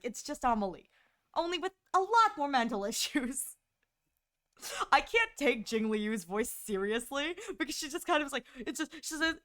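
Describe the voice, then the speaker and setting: Giggly, animated woman streamer. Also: high-pitched. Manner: giggly, animated, mimics voices in quotes. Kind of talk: casual chat with viewers.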